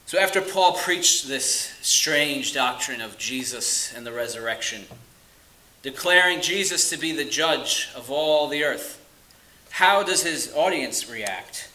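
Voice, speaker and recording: A man preaching a sermon with a bright, forceful voice. He is earnest and emphatic, leaning slowly on key words and then dropping low. The room around him rings with echo. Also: animated. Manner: earnest, emphatic, with slow stressed phrases and dropping to quiet asides.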